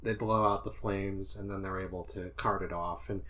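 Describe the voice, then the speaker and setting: A man's voice: deep voice, fairly even intonation, moderate pace, fairly bright tone. Man analyzing films in casual chat. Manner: analytical, thinks aloud while explaining. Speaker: podcast co-host. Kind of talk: casual film discussion.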